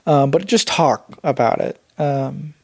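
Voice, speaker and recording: A young man co-hosting a casual couple's podcast, speaking in a measured, hesitant way with many pauses. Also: a little high, creaky, breathy edge. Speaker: podcast co-host.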